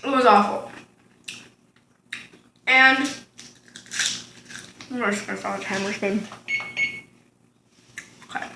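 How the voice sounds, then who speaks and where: A woman's voice: medium pitch, fairly even intonation, slow pace, creaky, pauses often, noisy background. A teenage girl chatting casually to her camera in a home kitchen, rambling off on tangents with lots of ums and likes. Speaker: vlogger. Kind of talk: casual storytime chat. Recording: echoey room.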